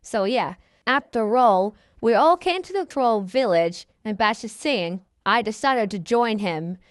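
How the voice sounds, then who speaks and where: A woman's voice: fairly high pitch, animated, unhurried, dry recording, studio quality. A woman telling a fan story in a rambling, profane and ungrammatical way.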